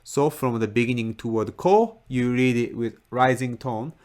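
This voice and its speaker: A man with a Japanese accent who speaks Japanese as his first language, explaining a language point in a careful teaching manner and repeating example words slowly. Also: medium pitch. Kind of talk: slow, careful lesson explanation.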